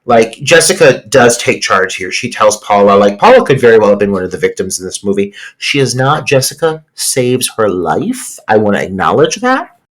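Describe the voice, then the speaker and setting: Emphatic man with a lively voice. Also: lowish voice, moderate pace, poor audio. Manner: emphatic, swears often. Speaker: podcast co-host. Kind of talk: casual film review chat.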